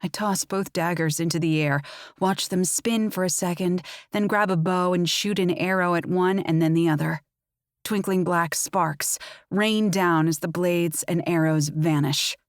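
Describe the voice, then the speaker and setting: A woman narrating a first-person fantasy audiobook in a measured, dramatic way. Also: fairly low pitch, fairly even intonation, no room sound, clean studio sound. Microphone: close studio mic.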